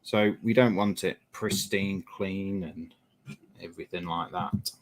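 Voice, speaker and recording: A man's voice: deep voice, steady tone, unhurried. A man, a lorry driver, chatting casually while painting a model and telling a rambling story, often correcting himself.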